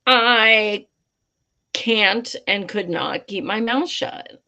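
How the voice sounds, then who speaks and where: A woman's voice: mid-range voice, very slow, bright, forceful tone. A woman hosting a live commentary stream, impassioned and blunt, swearing freely. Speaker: livestream host.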